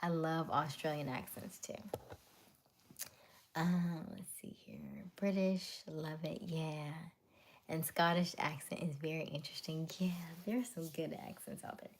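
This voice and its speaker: A woman hosts a relaxed livestream, talking to her viewers and answering their comments as they arrive. She speaks at an unhurried, slow pace, with a slightly low voice, and she laughs often. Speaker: livestream host. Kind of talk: casual live chat with viewers.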